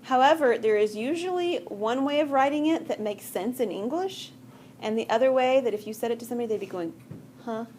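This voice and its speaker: A woman's voice: a little high, a little fast, a little mellow, a little hiss or hum. A woman teaching math to a class, talking patiently and conversationally and often checking that students follow. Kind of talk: classroom lecture.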